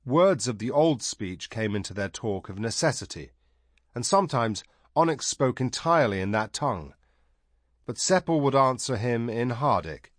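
A man reading a fantasy novel aloud in calm, measured scripted narration. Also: mid-range voice, dry recording, studio quality. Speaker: audiobook narrator.

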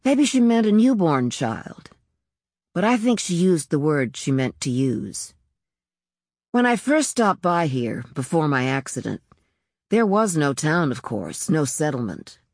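A woman reads a story aloud in a low, measured voice, reflective and unhurried. The recording is close and dry, with no room sound around her. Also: big pitch swings, darkish tone, no room sound. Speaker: audiobook narrator. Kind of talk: scripted narration.

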